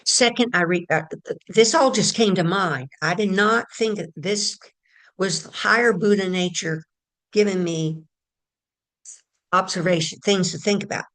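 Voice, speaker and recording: A woman's voice: mid-range voice, a little slow, a bit bright. A woman giving a casual spiritual talk, telling a story in a chatty way and addressing her listeners directly. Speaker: spiritual teacher.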